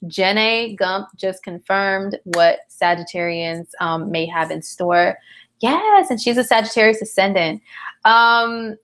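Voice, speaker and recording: A woman's voice: medium pitch, a little slow, fairly bright tone. A tired woman hosting a casual live astrology chat, talking in a slangy, chatty way and answering viewer comments. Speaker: astrologer host.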